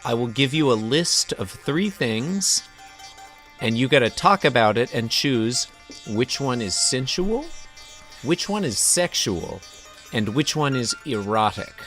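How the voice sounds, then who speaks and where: A man's voice: medium pitch, animated, a little slow, a bit bright, soft background music. A man hosting a comedy podcast, casual and wry, explaining a made-up game with mock authority and fancy words. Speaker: podcast host running a game.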